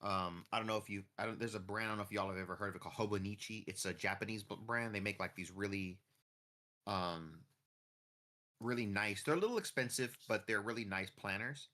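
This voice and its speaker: A man's voice: lowish voice, brisk, pushed and bright. A man chatting casually and rambling off the cuff while streaming a farming game. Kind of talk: casual chat while gaming.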